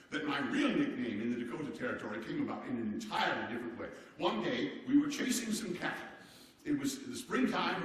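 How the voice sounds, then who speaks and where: An actor playing a hearty, boisterous old-time American president, speaking theatrically and exclamatorily straight to the audience in a live one-man stage show. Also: a little high. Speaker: stage performer. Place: performance hall before a seated audience. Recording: echoey hall, voice picked up from far off.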